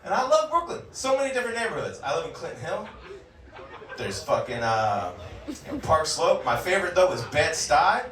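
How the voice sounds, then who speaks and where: Man in his forties, stand-up comic, crude and profane, lively up-and-down delivery, echoey club, picked up from afar. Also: a little high, a little fast. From California. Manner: crude, profane, laughs at his own jokes. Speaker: stand-up comedian. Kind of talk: stand-up comedy set. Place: comedy club stage. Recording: roomy club sound, mic far off.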